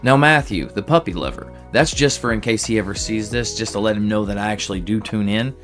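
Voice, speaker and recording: A man's voice: on the low side, brisk, a bit bright, faint music behind. A man hosting a commentary show, answering other commentators point by point in a casual way with lots of "like". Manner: casual, rebutting point by point with filler "like". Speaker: show host.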